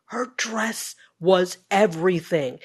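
A woman's voice: on the low side, takes it slowly, breathy edge. Woman cohost, drawn out and emphatic, does little mock quotes while recapping. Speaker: podcast co-host. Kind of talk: casual reality-TV recap chat.

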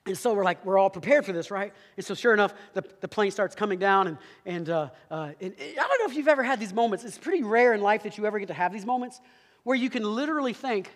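A man telling a humorous story in a sermon, animated and quick, with asides to the audience. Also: sits high. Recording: long hall reverb.

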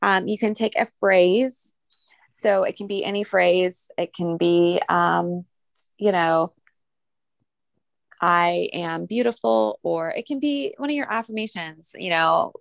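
A woman's voice: lowish voice, fairly even intonation, takes it slowly, vocal fry, no echo. A woman co-hosting a spiritual podcast, explaining an exercise in a rambling, casual way with many fillers. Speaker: podcast co-host.

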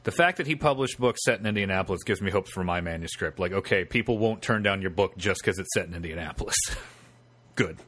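A man's voice: low-pitched, fairly quick, a bit bright. A man co-hosting a podcast, telling a story with sarcastic asides in casual chat. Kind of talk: casual podcast chat, reading excerpts aloud.

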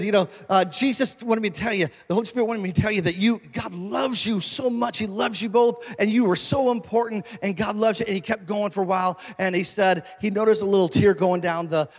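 Male pastor, high-ish voice, animated sermon storytelling, long church reverb. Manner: animated, acts out quoted voices, jokes with congregation.

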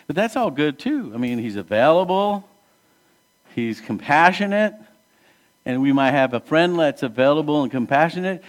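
A male pastor preaching in a relaxed, conversational way, speaking to the congregation as if to friends. His voice sits at an ordinary pitch and swings from emphatic, louder rises down to hushed, soft drops, with rhetorical questions thrown out to the room. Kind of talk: sermon.

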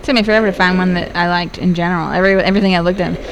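A woman's voice: fairly low pitch, fairly even intonation, racing, background noise. A woman chatting playfully about a movie with a friend, giggling and swearing now and then. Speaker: movie commentary co-host. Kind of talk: casual chat over a movie.

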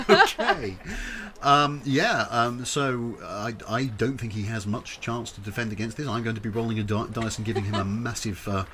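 A man's voice: on the low side, steady tone, moderate pace, hardly any pauses, crowd noise. A man narrating as game master of a tabletop game, rambling with ums and self-corrections.

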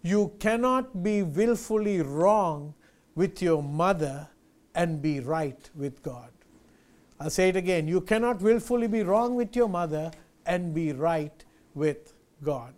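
A man's voice: sits high, expressive, takes it slowly, darkish tone. A male pastor preaching a sermon, earnest and emphatic, repeating key phrases and addressing listeners as friends.

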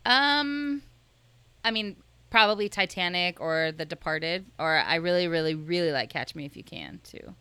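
A woman's voice: fairly low pitch, expressive, moderate pace, pushed and bright, smooth, dry recording. A woman guesting on a podcast, chatting casually in a playful way. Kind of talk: casual chat.

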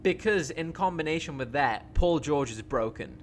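Excited, rambling man talking sports. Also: fairly high pitch, moderate pace, slight background noise. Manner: excited, rambling, many "like" fillers. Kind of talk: casual sports chat.

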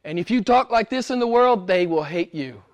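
Male pastor, high-pitched, emphatic sermon delivery with lots of repetition and big swings in volume. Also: animated, normal speed. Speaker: preacher.

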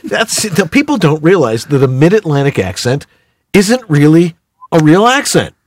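Lively, animated podcast host man. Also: a little high, moderate pace. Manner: jokey, animated, playful asides. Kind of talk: podcast hosting, product plug.

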